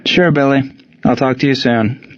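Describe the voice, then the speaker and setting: A man voicing an easygoing teenage boy who speaks calmly and nonchalantly. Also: mid-range voice, moderate pace, no room sound, muffled recording, pitched above the performer's own voice, lightly acted. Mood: amused. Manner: calm, nonchalant.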